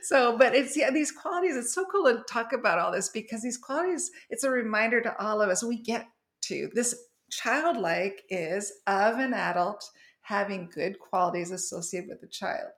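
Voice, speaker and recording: A woman hosting a casual conversation, an animated storyteller who laughs often. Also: a little high, moderate pace. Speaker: podcast host.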